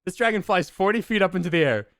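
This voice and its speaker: Male streamer, casual storytelling, fairly high voice, dry close mic, excited, swears a lot. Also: fast talker, dry recording. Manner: excited, profane, laughing often.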